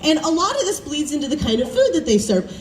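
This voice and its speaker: A young woman from the American South performing a self-deprecating stand-up set, chatty and animated as she tells family stories. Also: high-pitched, fast, a little hiss or hum. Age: young adult. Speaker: student stand-up comic. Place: campus showcase stage. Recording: roomy, distant stage recording with faint ambience.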